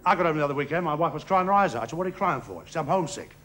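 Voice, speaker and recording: A man doing a stand-up comedy routine on a theatre stage, with a bumbling, halting delivery and a giggling laugh. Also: a little high, expressive. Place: theatre stage before a live audience. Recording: archive stage recording with loud audience laughter and hiss. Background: audience laughter.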